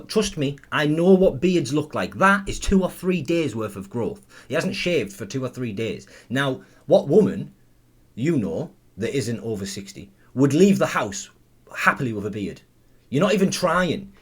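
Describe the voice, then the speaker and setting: Male host, blunt sarcastic commentary delivery, plain mid voice. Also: medium pitch. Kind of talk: ranting commentary.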